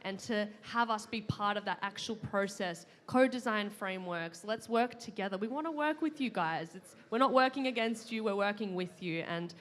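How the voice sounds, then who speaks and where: A woman's voice: mid-range voice, moderate pace, few pauses, fairly bright tone. A young woman giving heartfelt closing remarks as a panel moderator, with many fillers and restarts. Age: young adult. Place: conference pavilion at a climate summit.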